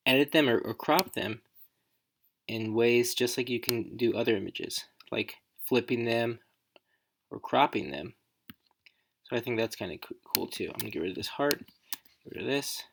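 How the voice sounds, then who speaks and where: A woman educator giving a casual, chatty screen-recorded software walkthrough, thinking aloud as she works. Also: very deep voice, gravelly, breathy edge.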